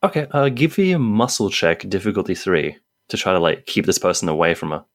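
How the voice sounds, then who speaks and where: A man running a tabletop game as game master, narrating quickly and casually with many fillers. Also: sits low, expressive.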